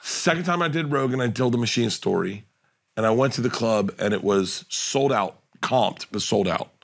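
A male comedian guest in a casual podcast chat, telling animated, rambling anecdotes full of restarts and laughs. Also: medium pitch, moderate pace, vocal fry.

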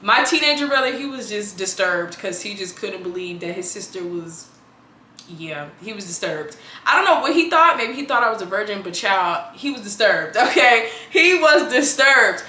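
A woman, telling her story in a chatty, animated vlog and acting out her family's lines. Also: mid-range voice, normal speed, reverberant, slight background noise. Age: 20s. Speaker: vlogger.

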